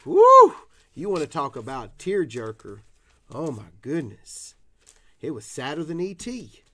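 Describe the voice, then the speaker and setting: A man's voice: mid-range voice, sing-song, a little slow. A man from Tennessee, hosting a casual card-opening stream in a rowdy, profane, whooping way. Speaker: card breaker host. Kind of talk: casual live stream chat.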